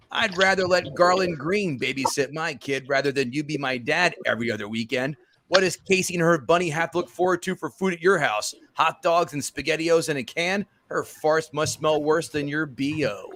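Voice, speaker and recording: A man's voice: a little high, normal speed, a bit bright. A man playing a brash, cocky action-movie hero who trades crude taunts in a comedy debate. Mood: taunting.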